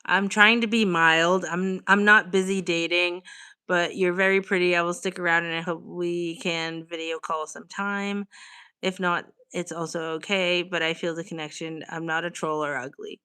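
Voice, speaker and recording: A woman's voice: lowish voice, steady tone, normal speed, sharp tone, clean tone. A young woman from Australia, chatting casually on a live stream at home and reading out viewers' comments. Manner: chatty, reads out viewer comments, talks to her cat. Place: home living room.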